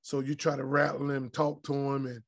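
A middle-aged man with a medium-pitched voice speaks at a normal speed. A retired pro basketball player and podcast guest, he tells profane, blunt, animated anecdotes during a casual interview.

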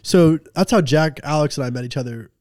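A man's voice: fairly high pitch, fairly quick, darkish tone. A man in his twenties, co-hosting a casual podcast chat and telling rambling, jokey stories. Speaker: podcast co-host.

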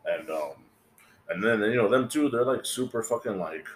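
A man's voice: on the low side, animated, a little fast, echoey room, slight background noise. A man hosting a podcast in casual, profane chat, rambling and acting out what his friends said. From California. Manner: rambling, swears a lot, acts out quoted friends. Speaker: podcast host.

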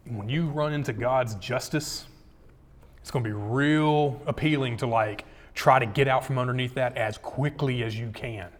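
A male pastor preaching a sermon in a casual, animated way, full of slang. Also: medium pitch. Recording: echoey hall.

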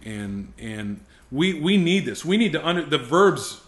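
A man's voice: on the high side, very animated, unhurried. A middle-aged man teaching a ministry school class on preaching, emphatic and intense, often repeating words as he restarts sentences. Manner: intense, emphatic, rising to fervent exhortation; frequent word repetitions and restarts.

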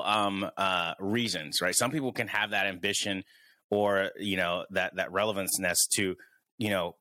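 A man's voice: lowish voice, bright, forceful tone, no echo. A man hosting a casual podcast, thinking aloud with many restarts. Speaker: podcast host.

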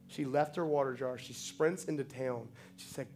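A man's voice: mid-range voice, normal speed, hardly any pauses, darkish tone, soft background music. A man preaching a sermon with passion, building to emphatic, repeated lines. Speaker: pastor.

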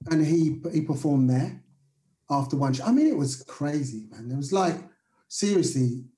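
A man's voice: fairly high pitch, expressive, moderate pace, mellow, echoey room. A man hosting a casual chat, eager and affirming, jumping in with his own stories. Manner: enthusiastic, affirming, chatty.

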